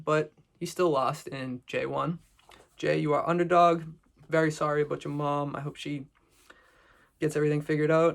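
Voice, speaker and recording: A man's voice: a little high, creaky. A man from Boston giving a rambling, profane, joking recap of a reality show episode. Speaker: recap video host. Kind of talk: casual recap commentary.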